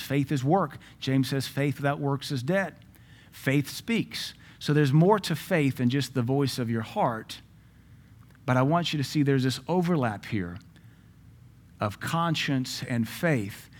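A middle-aged pastor preaching to his church in a voice of ordinary pitch. He speaks, mixes earnest teaching with jokes, and acts out the voices he quotes. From Southern US. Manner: lively preaching, acting out quoted voices, joking asides. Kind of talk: sermon.

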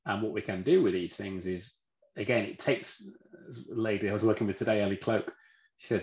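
एक ब्रिटिश लहजे वाला आदमी, धीमे सुर में, जोश से किस्से सुनाता है और शब्द दोहराकर बात शुरू करता है। आवाज़ गूँजदार कमरे में रिकॉर्ड हुई है।. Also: male voice, on the low side, brisk. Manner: animated, repeats words when starting, acts out voices. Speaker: red team leader, guest speaker. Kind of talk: storytelling answer in a talk. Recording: roomy echo.

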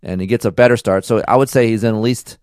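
A man with a fairly low voice chats on a casual podcast and tells a story in a relaxed, slangy way. The sound is dry and close, with no room echo. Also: fast talker, clean tone. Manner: laid-back storytelling with slang. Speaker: podcast host. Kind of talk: casual chat.

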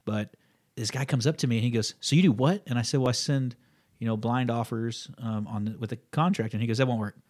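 A man in his thirties co-hosts a podcast and talks quickly, with a voice of ordinary middle pitch. He is an animated storyteller who slips into the voices of the people he describes. The talk is relaxed and conversational. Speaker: podcast co-host. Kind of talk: casual podcast chat.

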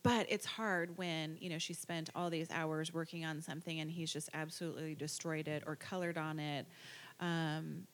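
A woman's voice: low voice, fairly even intonation, moderate pace. A woman and parent in casual conversation, talking at length with frequent restarts and trailing fillers.

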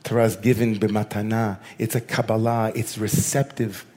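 A rabbi delivers a sermon, his stories swinging from animated bursts to hushed, slow lines. His voice sits on the low side.

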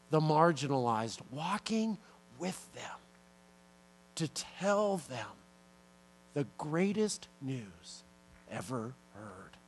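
A male pastor delivering a relaxed, conversational sermon with repetitions and asides. His voice is fairly high and his pace is slow and measured.

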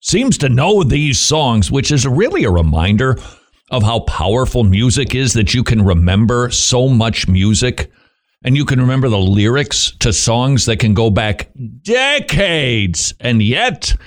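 A man's voice: medium pitch, big pitch swings, a little slow. A middle-aged man hosting Christian radio, giving a devotional talk with joking asides to himself.

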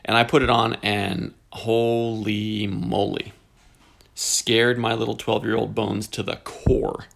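A man's voice: lowish voice, flat delivery, slow pace, creaky, a bit bright. A man in his forties hosting a podcast, talking in a casual, jokey way that wanders into tangents. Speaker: podcast host. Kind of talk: casual rambling podcast monologue.

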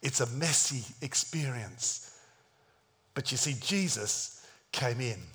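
A man's voice: mid-range voice, expressive, slow pace, fairly bright tone. A man preaching a sermon in a dramatic storytelling style, acting out the scenes he describes. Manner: dramatic, acts out the scenes, plays other voices.

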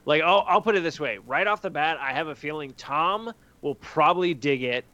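A man's voice: on the high side, lively intonation, moderate pace, bright, forceful tone, no room sound, dull audio. A man hosting a casual podcast chat, talking animatedly and acting out his friends' reactions. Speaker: podcast host.

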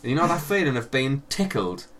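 A man's voice: medium pitch, fairly quick, a little hiss or hum. Sweary Northern English man telling stories. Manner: animated storytelling, acts out quotes, swears a lot. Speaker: podcast co-host. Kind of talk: casual chat.

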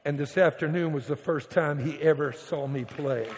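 Storytelling pastor in an echoing church. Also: male voice, a little high, moderate pace, some chatter behind. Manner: storytelling with dramatic swings from hushed to shouting. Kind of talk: sermon. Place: church sanctuary. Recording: church hall reverb.

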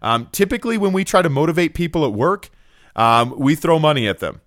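A man's voice: on the high side, lively intonation, fairly quick, a bit bright, no room sound, clean studio sound. A middle-aged man hosting a business podcast, talking earnestly and emphatically, with a lot of "right?" and "look". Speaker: podcast host, business owner. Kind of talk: motivational podcast talk.

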